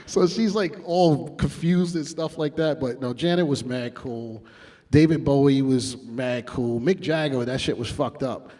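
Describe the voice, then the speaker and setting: A man's voice: medium pitch, measured pace, warm tone. A man, a music producer telling blunt, profane stories in an interview. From New York. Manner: blunt and heavily profane, acts out quotes. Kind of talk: casual interview storytelling.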